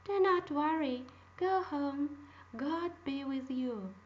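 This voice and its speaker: A woman doing a high, gentle magic goldfish. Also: takes it slowly, dull audio, a little hiss or hum. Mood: reassuring. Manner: soft murmuring. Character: magical golden fish, calm and gracious.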